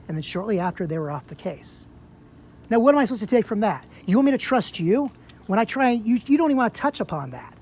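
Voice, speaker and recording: A man's voice: high-pitched, a little hiss or hum. A man in a heated argument on a public sidewalk outdoors, confronting an officer with repeated rhetorical questions.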